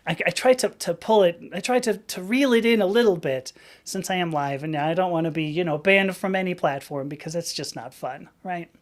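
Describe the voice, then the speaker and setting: A woman's voice: on the low side, brisk. A woman hosting a live stream, chatting casually in a rambling way and laughing often.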